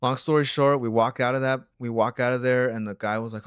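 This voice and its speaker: A man's voice: medium pitch, steady tone, brisk, few pauses, clean tone, no room sound, studio quality. A young man co-hosting a reaction channel, telling a story in a laid-back, rambling way full of slang and fillers. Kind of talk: casual storytelling chat.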